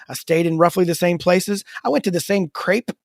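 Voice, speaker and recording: Animated man telling stories. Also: high voice, brisk, no echo, studio quality. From United States. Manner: animated storyteller, talks through stories. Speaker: podcast co-host. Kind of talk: casual faith-based podcast chat.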